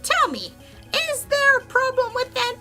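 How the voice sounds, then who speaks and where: A woman voicing a smug, sneering male prosecutor while reading game dialogue aloud, with a slow, taunting delivery. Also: very high voice, sing-song, bright, forceful tone, soft background music, voice pushed up, heavily acted.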